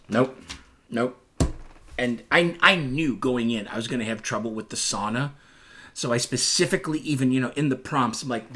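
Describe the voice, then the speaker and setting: A man co-hosting a podcast in a casual, joking style, who rambles and rants with animated energy. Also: mid-range voice. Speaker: podcast co-host. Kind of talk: casual chat.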